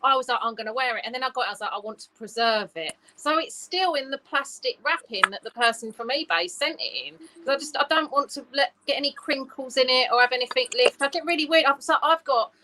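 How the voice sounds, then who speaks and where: A woman co-hosting a casual chat, speaking in an animated, self-mocking way. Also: high-pitched, fast, hardly any pauses, background noise. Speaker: podcast co-host.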